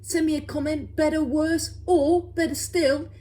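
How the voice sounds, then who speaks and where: A woman hosting her own cooking vlog, chatting to viewers in a bright, high voice. She is bubbly and quick to giggle as she bakes and tastes. The sound has a noticeable echo from a home kitchen. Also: steady tone. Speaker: cooking channel host.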